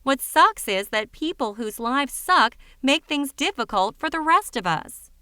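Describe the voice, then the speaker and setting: A woman's voice: high-pitched, sing-song, measured pace, sharp tone, clean tone, dry recording, clean studio sound, full character voice. A woman reading as a wry, matter-of-fact woman. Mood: consoling. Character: dry, level-headed woman friend.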